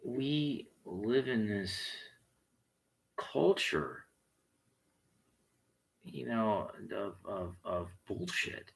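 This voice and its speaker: A man's voice: fairly low pitch, animated, extremely slow, creaky, pauses often, breathy edge, low-quality recording. A man delivering a blunt, heated monologue full of swearing. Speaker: vlogger. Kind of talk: profane monologue rant.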